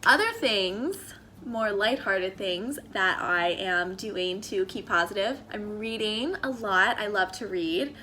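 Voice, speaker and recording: Taking it slowly, the young American vlogger from Maryland speaks in an expressive, mid-range voice with a bright, forceful tone. She talks about faith and lifestyle in a chatty, earnest, encouraging way, with many fillers, and a little hiss or hum is audible.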